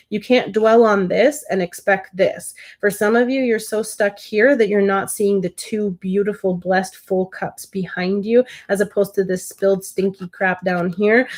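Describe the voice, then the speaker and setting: A woman's voice: mid-range voice, a little mellow. A woman doing a live-stream tarot reading, talking straight to her viewers in an emotional, affectionate way. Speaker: tarot reader.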